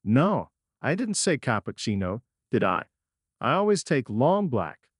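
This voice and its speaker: A man's voice: medium pitch, big pitch swings, unhurried, slightly rough, no room sound, clean studio sound. A man voicing an arrogant, mocking male movie star who orders people around in a sneering, commanding way.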